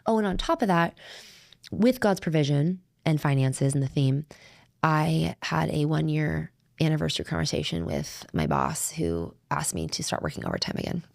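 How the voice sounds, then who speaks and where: Low, gravelly earnest woman podcaster. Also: very animated, moderate pace, darkish tone, dry recording, clean studio sound. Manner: earnest, heartfelt, rambling with restarts. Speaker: podcast co-host. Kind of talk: faith-based conversational podcast.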